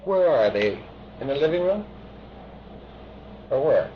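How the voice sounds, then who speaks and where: A man guides a patient through hypnotic regression with calm, coaxing questions. His pitch moves a lot and sits a little high. The recording is dull and old, with a steady hiss behind him. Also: unhurried. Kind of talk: hypnotic age regression session.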